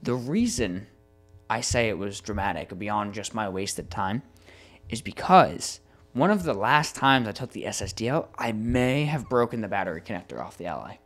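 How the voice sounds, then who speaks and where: A young adult man co-hosting a podcast, telling a long frustrating story in a casual, animated way with plenty of swearing. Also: on the low side, normal speed. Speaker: podcast co-host.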